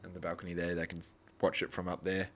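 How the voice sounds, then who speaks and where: Australian man, young adult, low-pitched, live stream host, rambling, crude comebacks to chat. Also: monotone, quick pace, a bit bright. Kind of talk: live cricket reaction stream.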